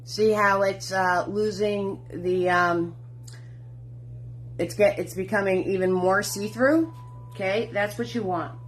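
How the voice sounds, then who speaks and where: This painting instructor, a middle-aged woman, talks slowly in a steady, medium-pitched voice during a live online class. Chatty and encouraging, she greets viewers by name and uses sweetheart and hun, while faint music plays.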